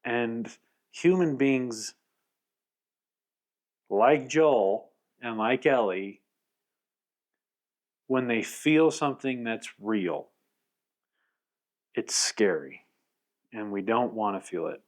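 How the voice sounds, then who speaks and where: Slow-talking, reflective man. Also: mid-range voice, expressive. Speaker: podcast co-host. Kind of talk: casual podcast chat.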